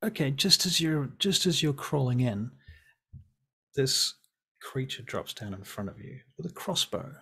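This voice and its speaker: Gravelly-voiced male game master. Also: medium pitch, big pitch swings, sharp tone. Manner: halting, searching for words, restarts descriptions. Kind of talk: narrating a tabletop game.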